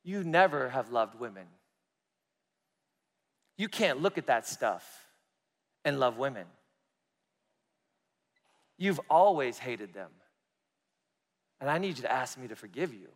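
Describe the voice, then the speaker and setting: Man doing God: low, steady, commanding, long hall reverb. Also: slow, long pauses. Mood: grave. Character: God speaking, calm firm male voice.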